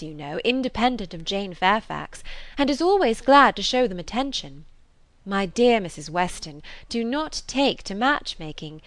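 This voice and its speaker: A woman reading as a lively, headstrong young woman who talks emphatically and exclaims often. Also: medium pitch, no room sound. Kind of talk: audiobook character reading.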